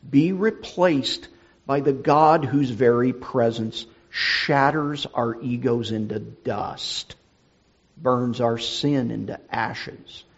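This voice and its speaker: A middle-aged male pastor with a husky voice, preaching a sermon in an earnest, deliberate way. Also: medium pitch, highs cut off.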